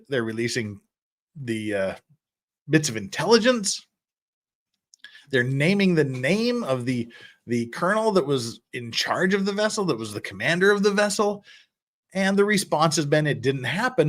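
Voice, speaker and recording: A man hosting a casual livestream, reading chat messages and rambling with frequent chuckles and restarts. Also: on the high side. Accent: American. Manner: lively, rambling, chuckles often, restarts words.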